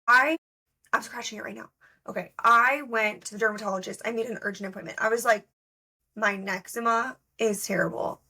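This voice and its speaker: Speaking fast in a fairly high, steady voice, this young female podcast co-host sounds pushed, bright, and husky. She tells stories in a relaxed, chatty manner packed with fillers.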